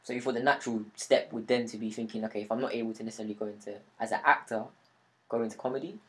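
A man hosting a casual interview, asking quick follow-up questions. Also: lowish voice, fairly even intonation. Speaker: podcast host.

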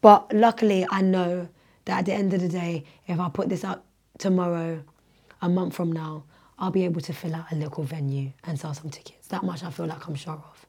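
A hoarse young woman, a teacher and singer who is losing her voice, chatting as a podcast guest and telling stories with animated energy. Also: fairly low pitch, a little fast. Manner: animated storyteller, shouts when quoting herself. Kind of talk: casual podcast chat.

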